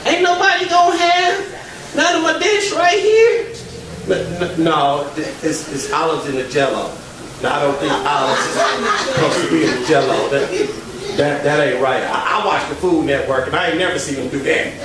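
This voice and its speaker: A man performs stand-up, stammering and exasperated as he builds his story. His voice is a bit high. He is heard from across a strongly echoing venue with faint noise behind him. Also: moderate pace. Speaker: stand-up comedian. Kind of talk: stand-up comedy set. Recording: very echoey venue from far off.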